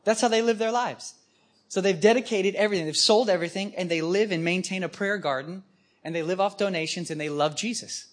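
A man preaching to a live audience, telling stories with animated emphasis. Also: high voice, brisk. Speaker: guest preacher. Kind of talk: storytelling sermon.

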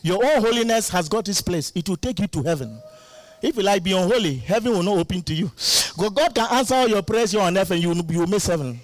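A male guest preacher delivers a lively sermon in a high, fast voice, laughing often and calling out to the congregation for responses.

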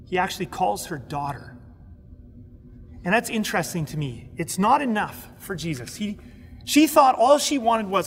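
A man teaching a sermon, animated, acting out the people in the story. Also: high voice, normal speed, big-room sound. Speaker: pastor. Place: recorded for an online audience.

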